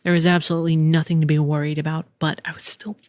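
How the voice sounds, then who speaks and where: A woman's voice: low voice, flat delivery, fast talker, a little mellow, dry recording. Woman podcast host, candid storyteller, frequent laughs, dry close sound. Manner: candid, chatty, laughs often, swears casually. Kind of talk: casual storytelling monologue. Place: home in Texas.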